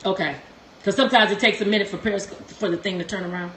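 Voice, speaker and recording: A young woman hosting a live-stream relationship talk, preachy and emphatic, repeating phrases and swinging from soft to shouting. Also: mid-range voice, steady tone, fast talker, breathy edge.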